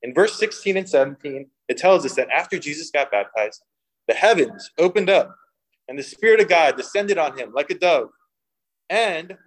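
A young man preaching a sermon, mixing humorous personal stories with scripture and lively voiced quotes. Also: a little high, poor audio. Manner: storytelling with humor, animated quoting. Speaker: pastor.

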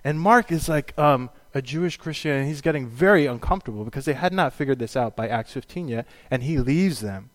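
Chatty pastor in a reverberant hall. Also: male voice, medium pitch, animated, fairly quick, hardly any pauses. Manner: chatty storytelling with fillers and laughs. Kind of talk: sermon. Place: church sanctuary.

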